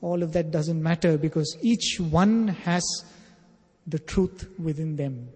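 A man's voice: a little high, slow, a little mellow, slightly rough. Earnest male preacher in a reverberant hall. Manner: earnest, emphatic, builds phrases in lists. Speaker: spiritual teacher. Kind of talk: sermon with storytelling.

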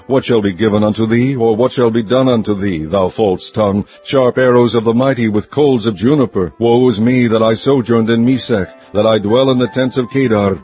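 A man reading scripture aloud in a measured, even, solemn recitation. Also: medium pitch, husky. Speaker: scripture reader. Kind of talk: steady scripted Bible reading. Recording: muffled lo-fi recording.

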